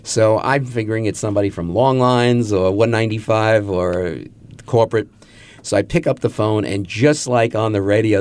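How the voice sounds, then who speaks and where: A man's voice: on the low side, a little fast, darkish tone. A man in his seventies from Queens, a magazine publisher telling wry anecdotes in a radio interview. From Queens, New York. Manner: anecdotal, wry, acts out quotes.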